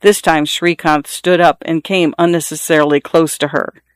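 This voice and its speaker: Measured narrator reading literary fiction. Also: mid-range voice, little pitch movement, clean tone, dry recording, clean studio sound. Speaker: audiobook narrator.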